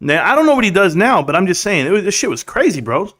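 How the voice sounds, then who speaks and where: A man's voice: high-pitched, very animated, fast talker, fairly bright tone. A young man hosting a casual livestream, joking crudely, laughing often and calling people bro. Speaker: livestream host.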